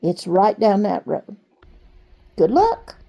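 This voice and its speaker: A woman's voice: mid-range voice, huge pitch swings, takes it slowly, creaky, warm tone, exaggerated voice. A woman voicing a friendly small-town diner waitress who gives directions sweetly and helpfully. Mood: cheerful.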